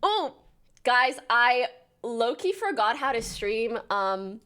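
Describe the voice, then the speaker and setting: A young woman in her twenties chatting casually on a livestream, bubbly and talkative, quickly reading out names to thank her viewers. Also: fairly high pitch, sing-song, fairly bright tone, clear, resonant tone.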